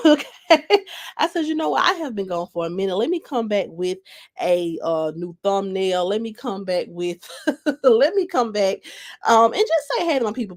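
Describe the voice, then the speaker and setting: A young woman with a cold, chatting casually and animatedly to viewers on a live stream, repeating phrases and greeting people by name. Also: fairly high pitch. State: has a cold. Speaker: YouTuber live-streaming to her audience.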